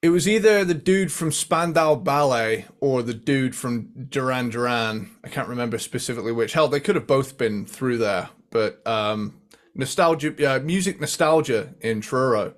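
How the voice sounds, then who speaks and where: A man's voice: medium pitch, normal speed. A man from England co-hosting a podcast, telling stories in hesitant casual chat. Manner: hesitant, lots of fillers and restarts. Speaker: podcast co-host.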